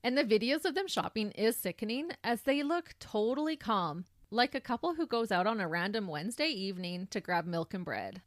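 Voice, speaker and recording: A woman co-hosting a true crime podcast, telling the details of a case in a casual conversational way that turns animated when she reacts. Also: mid-range voice, fairly quick, few pauses, no room sound, clean studio sound. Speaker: podcast co-host.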